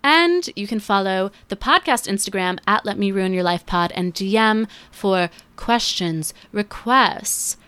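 Brief: woman in her 20s, podcast host, casual sarcastic chat, smooth clear tone. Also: medium pitch, bright, forceful tone. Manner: chatty, sarcastic, puts on quick voices for others. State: feels she is losing her voice.

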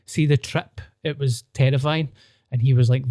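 A man's voice: mid-range voice, moderate pace, no room sound, studio quality. Young Scottish guy telling crude stories. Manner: crude, animated anecdotes. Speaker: comedian podcast guest. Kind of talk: casual storytelling chat.

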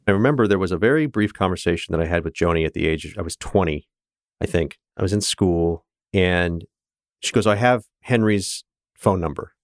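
A man's voice: low voice, a little fast, dry recording, studio quality. A middle-aged man from Kansas, a guest candidly recounting his own family story with restarts. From Kansas, United States. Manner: earnest, candid, with restarts and laughs. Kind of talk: reflective personal storytelling.

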